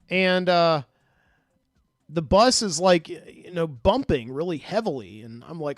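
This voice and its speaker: A man's voice: on the high side, big pitch swings, a little slow, dry recording, clean studio sound. A man, a podcast host, casually recounting a dream in a rambling way, full of fillers and restarts.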